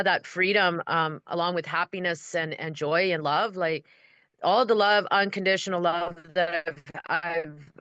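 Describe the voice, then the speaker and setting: A woman's voice: fairly low pitch, a bit bright, dry recording. A woman guest on a recovery podcast, speaking in a hesitant, reflective way. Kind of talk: casual recovery podcast chat. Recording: dull lo-fi call audio.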